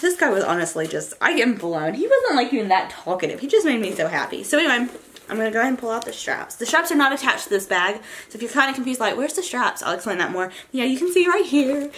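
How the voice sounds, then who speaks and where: A young woman vlogger gushing and rambling excitedly about her shopping haul, with many fillers and asides. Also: fairly high pitch, quick pace, a little hiss or hum. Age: young adult. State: college freshman. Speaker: beauty vlogger. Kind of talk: casual haul vlog.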